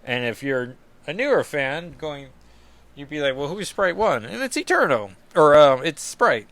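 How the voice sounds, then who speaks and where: A man's voice: mid-range voice, fairly bright tone. A man hosting a casual comic book recap, rambling and full of fillers and self-deprecating asides. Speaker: comic book podcast host.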